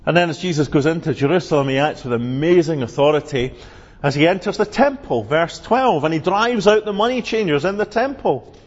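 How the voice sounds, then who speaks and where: A man preaches an earnest, emphatic sermon in a high, husky voice, his words ringing through a church's long reverb. The recording is dull and lo-fi. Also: animated, brisk. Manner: earnest, emphatic preaching, rising on quoted cries. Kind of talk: sermon expounding scripture.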